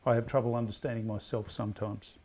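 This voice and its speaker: A man with an Australian accent hosting a casual pub quiz, reading questions slowly and emphatically, then rambling and correcting himself. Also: medium pitch, level tone, warm tone, husky. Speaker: quiz host.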